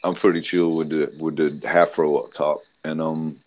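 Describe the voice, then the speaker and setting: A man's voice: very deep voice, little pitch movement, moderate pace. A man hosting a crude, laughing casual chat. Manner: crude, laughing, puts on silly accents. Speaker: podcast host.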